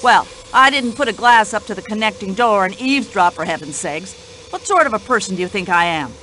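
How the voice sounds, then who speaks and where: A woman's voice: medium pitch, expressive, fairly quick, pushed and bright, a little hiss or hum, low-quality recording. A woman voicing a talkative, indignant older widow in a radio play, speaking. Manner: indignant, chatty, complaining.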